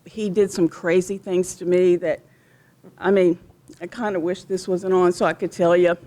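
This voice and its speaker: A widow of a police officer shares memorial stories outdoors at a remembrance gathering, her lowish, warm voice flat in delivery and at normal speed. Her personal storytelling is rambling and heartfelt, with frequent restarts.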